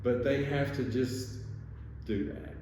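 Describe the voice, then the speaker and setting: A man hosts a casual podcast, rambling through anecdotes with restarts and chuckles. His voice is mid-pitched. It echoes heavily in a room with faint background noise. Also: fairly even intonation, takes it slowly, a little mellow, recorded from a distance. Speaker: podcast host, surgeon. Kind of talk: casual chat, storytelling.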